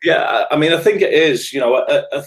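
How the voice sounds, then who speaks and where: With a voice on the high side and a quick pace, a middle-aged Liverpool man with a Scouse accent reflects earnestly on a podcast. He's a restorative practice trainer who builds his arguments as lists, sounding thoughtful throughout.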